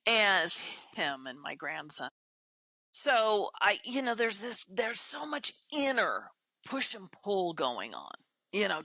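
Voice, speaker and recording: An older woman, a podcast guest, telling stories in casual, animated chat, emphatic and quick to laugh. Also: medium pitch, no echo. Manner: animated storyteller, acts out her own inner voice.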